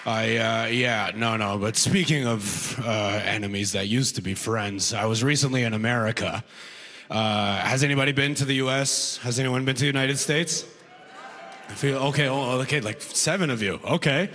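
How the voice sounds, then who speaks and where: A man's voice: mid-range voice, a bit bright. A man performing a stand-up comedy set on a club stage, talking to the crowd in a conversational, punchy way and laughing at his own jokes. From Canada. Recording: faint noise, long hall reverb.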